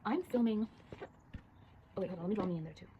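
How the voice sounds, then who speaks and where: A teenage girl chatting casually and rapidly, telling a story while drawing and acting out the voices of the people in it. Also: medium pitch, muffled recording, background noise. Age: teens. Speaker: storyteller vlogger.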